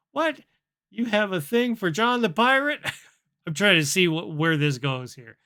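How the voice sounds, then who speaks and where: Slow-talking, amused man. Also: high voice, very animated, bright, forceful tone, smooth. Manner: amused, chuckling, dry. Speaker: vlogger reviewing an app. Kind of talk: casual storytelling recap.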